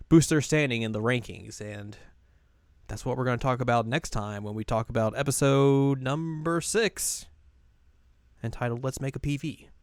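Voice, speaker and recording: A man's voice: mid-range voice, clean tone, no room sound, studio quality. A young man co-hosting a podcast, chatting loosely about a show and acting out characters' lines in goofy voices. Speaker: podcast co-host. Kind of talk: casual chat.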